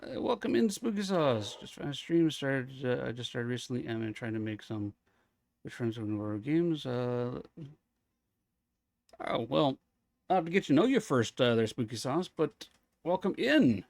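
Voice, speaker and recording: A man's voice: medium pitch, moderate pace, creaky, long pauses, darkish tone, no echo. Chatty male game streamer. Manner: chatty and friendly, thinks aloud, greets chat. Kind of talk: live gameplay commentary, chatting with viewers.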